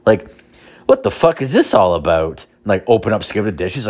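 A man's voice: sits low, very animated, moderate pace. A man in his thirties hosting a solo podcast, telling rambling, self-deprecating stories packed with swearing. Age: 30s. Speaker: podcast host. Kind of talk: casual solo podcast storytelling.

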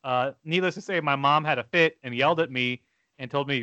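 A man co-hosting a casual podcast chat, telling stories with sarcastic, animated outbursts. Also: mid-range voice, brisk, clean tone, no echo. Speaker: podcast co-host.

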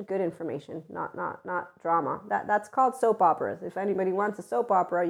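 Blunt, rambling woman with a lowish voice. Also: a little mellow. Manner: blunt, profane, rambling, with many restarts; mocking, acting out voices of others. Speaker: channel host. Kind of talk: casual unscripted monologue.

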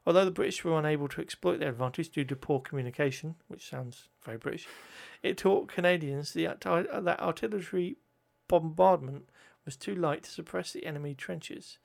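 A man's voice: a little high, fairly quick, vocal fry, hardly any pauses. A man reading history notes aloud, often stumbling over words, correcting himself and adding joking asides.

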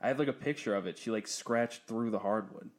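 A man's voice: fairly low pitch, a little fast. Profane, storytelling young man. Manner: profane storytelling, laughs often, animated when quoting others. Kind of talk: casual chat.

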